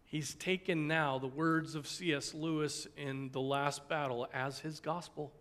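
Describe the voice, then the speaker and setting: A man's voice: a little high, steady tone, measured pace, a bit bright. A man, a pastor, teaching a Sunday school class in an earnest sermon style. He often checks in with the listeners with "right?" and "okay?" and ends by praying aloud. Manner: ends in a spoken prayer.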